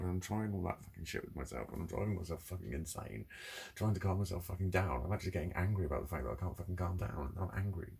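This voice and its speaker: Male vlogger, gravelly and husky, candid, profane rant. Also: sits low, very fast, darkish tone. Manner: heavy swearing, ranting, candid. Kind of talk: confessional monologue.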